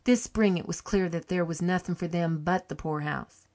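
A woman reading an audiobook, voicing a cheery, warm-hearted country farm wife with a folksy rustic dialect. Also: on the low side, moderate pace, lightly acted. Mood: sorrowful.

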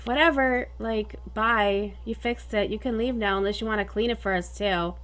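A young woman hosting a let's play, giving casual game commentary, easily exasperated and dramatic, bursting into excitement. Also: medium pitch, normal speed, slight background noise.

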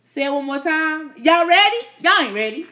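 A woman's voice: sits high, expressive, normal speed, pushed and bright. A woman hosting a casual live stream, chatting playfully with her viewers, teasing them and laughing often.

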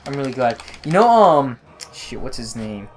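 A man's voice: medium pitch, big pitch swings, normal speed, slight background noise. A man co-hosting a gameplay video, teasing his friend with crude trash talk. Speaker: gaming channel co-host. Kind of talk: casual gameplay banter.

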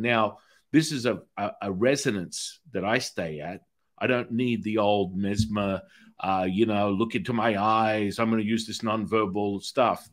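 Man, middle-aged, podcast host, somewhat low voice, rambling conversational delivery. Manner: rambling, with restarts and anecdotes. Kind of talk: conversational interview.

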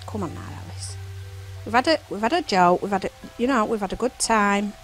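A woman's voice: mid-range voice, lively intonation, fairly quick, soft background music, low-quality recording. A woman giving chatty, silly let's play commentary, singing and whispering to herself as she plays. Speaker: gameplay commentator.

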